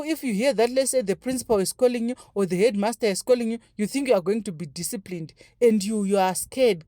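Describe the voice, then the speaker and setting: A woman tells a story at home in a casual vlog. Her voice is mellow and warm, with a dry, close sound and no room echo. She talks in an animated, looping way, full of fillers and restarts. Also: mid-range voice. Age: 30s. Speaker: vlogger. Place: home, braiding her daughter's hair.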